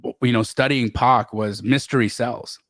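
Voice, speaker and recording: A middle-aged man telling stories as a podcast guest, animated, often repeating words and restarting. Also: moderate pace, dry recording, studio quality. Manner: animated, acts out quoted voices with big pitch jumps. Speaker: guest real estate investor. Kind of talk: storytelling in a podcast interview.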